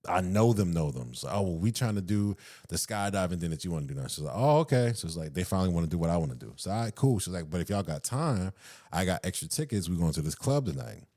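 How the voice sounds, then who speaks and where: A thirtysomething podcast host with a Southern US accent and a deep, fast voice tells a casual, profane story. He's animated, laughs often, and acts out the quotes in raised voices.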